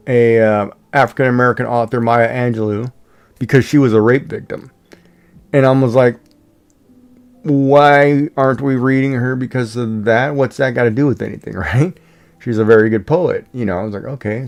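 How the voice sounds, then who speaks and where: A man's voice: medium pitch, a little mellow. Guy rambling on his stream, lots of "you know"s, super casual. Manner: rambling, many "you know" fillers and restarts. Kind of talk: casual live-stream chat.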